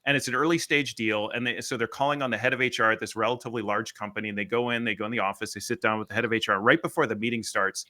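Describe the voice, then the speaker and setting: A man guest on a business podcast, telling a sales story in an animated way and acting out the quotes. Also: on the low side, rapid-fire, few pauses. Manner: animated, acts out quotes, rants.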